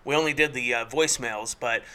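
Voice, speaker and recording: A man co-hosting a casual sports podcast, chatty and quick to laugh at himself. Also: mid-range voice, bright, forceful tone, clear, resonant tone. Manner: chatty, laughing, self-deprecating. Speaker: podcast co-host.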